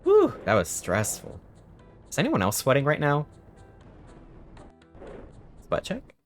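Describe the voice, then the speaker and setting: Excitable young male streamer, swooping voice. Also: mid-range voice, normal speed, faint music behind. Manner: excitable, thinks aloud, reacts in bursts. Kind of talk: live-stream gameplay commentary.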